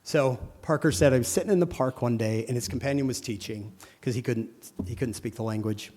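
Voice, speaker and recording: A man's voice: mid-range voice, brisk. Guy giving a sermon, acts out the people in his stories, echoey big hall. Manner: animated storyteller acting out quoted people. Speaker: religious teacher speaking to a congregation. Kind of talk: sermon with storytelling. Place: church hall.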